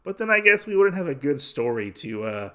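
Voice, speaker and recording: A man's voice: on the high side, very animated, a little fast, pushed and bright. Casual rambling podcast recap guy. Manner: rambling, many fillers. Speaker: podcast host.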